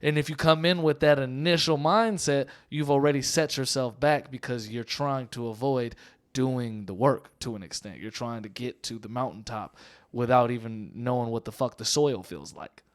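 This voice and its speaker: A man who is a comedian and podcast host, giving animated, preachy and profane opinions in a casual debate. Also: mid-range voice, normal speed.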